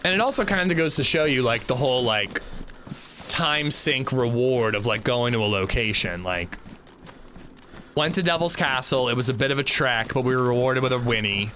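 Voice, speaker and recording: A man's voice: mid-range voice, expressive, normal speed, bright, forceful tone, a little hiss or hum. A man with a sore throat, giving rambling, casual commentary on his gameplay with lots of fillers. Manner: rambling, loose, full of fillers. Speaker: gaming livestreamer.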